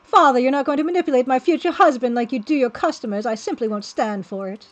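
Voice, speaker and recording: A woman's voice: high-pitched, fast talker, highs cut off, lightly acted. A woman reading the lines of a headstrong young woman who defies her wealthy father, in a clipped, indignant way. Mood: defiant.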